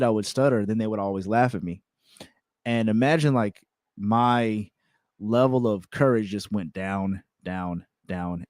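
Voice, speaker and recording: A young man hosting a self-improvement show, telling a personal story in a candid, repetitive, animated way. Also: on the low side, no echo, clean studio sound. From California. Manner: candid, repeats words, animated retelling with laughs. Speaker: self-improvement podcast host.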